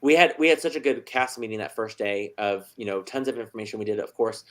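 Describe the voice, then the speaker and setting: A man's voice: fairly low pitch, fast. A man hosting a casual interview, upbeat and encouraging toward his guests.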